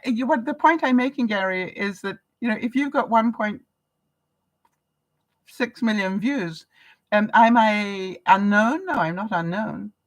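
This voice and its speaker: A woman's voice: on the high side, poor audio. A woman vlogger from Canada, telling stories in a live-stream chat with viewers, laughing often and acting out the voices she quotes.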